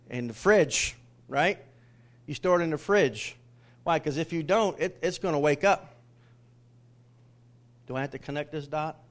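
Call-and-response with the congregation runs through this animated sermon from a middle-aged pastor. His voice sits at a medium pitch, rising to loud declarations and dropping into hushed asides.

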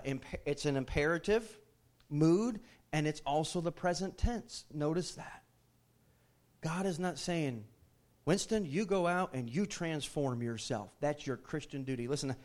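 A male pastor, preaching a sermon that moves from easy teaching to fervent, raised delivery. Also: mid-range voice. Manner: builds from conversational teaching to impassioned raised preaching.

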